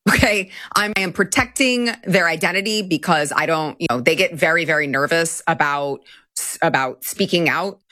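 Bright, animated female commentary host. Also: lowish voice, no room sound, studio quality. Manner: animated, laughing, many restarts. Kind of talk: opinionated commentary.

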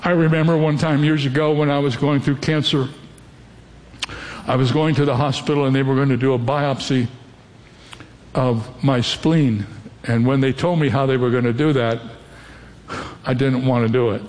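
A man's voice: mid-range voice, fairly even intonation, normal speed, long pauses, a little mellow. An older man preaching a sermon as a pastor, earnest and direct, often putting questions to his listeners. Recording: long hall reverb.

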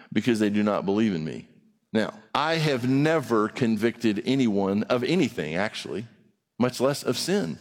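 A man preaching a sermon to a congregation in a conversational style, with quick rhetorical asides. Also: on the high side, in a large hall. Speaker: pastor.

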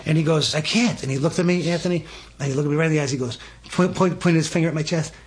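A man's voice: fairly high pitch, racing, breathy edge. A man, telling a faith story as a guest and eagerly acting out what people said. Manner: excited, animated storyteller acting out dialogue. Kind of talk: testimony storytelling.

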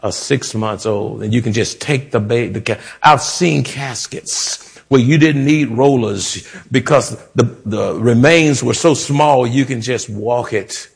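Gravelly slow-preaching male pastor. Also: mid-range voice. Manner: slow preaching cadence with rising emotional emphasis on repeated phrases. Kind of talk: sermon.

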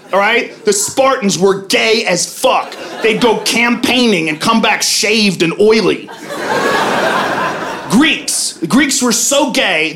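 A man doing a profane stand-up comedy routine on a club stage, brash with loud punchlines. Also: high voice. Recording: live club recording, audience laughter. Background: crowd laughing.

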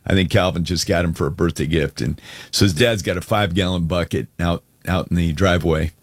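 A man's voice: low-pitched, steady tone, brisk, slightly rough, no echo. A man hosting a casual chat, telling a story with animation and frequent laughs.

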